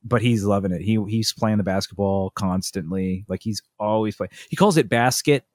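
A man's voice: fairly low pitch, moderate pace, a little mellow, dry recording, clean studio sound. A man, chatting casually as a podcast co-host and telling long stories with many restarts and asides. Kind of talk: casual chat.

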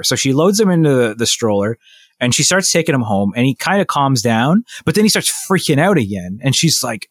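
A man casually telling a long story on a podcast, animated and full of restarts, acting out what people said. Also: mid-range voice, normal speed, breathy edge, dry recording, clean studio sound. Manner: rambling, animated retelling with many restarts and quoted voices. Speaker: podcast co-host.

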